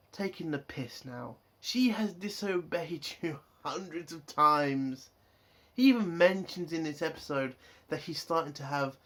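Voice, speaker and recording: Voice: mid-range voice, fairly bright tone. A TV reviewer, ranting angrily and swearing constantly about a show. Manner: angry, profane, exasperated ranting.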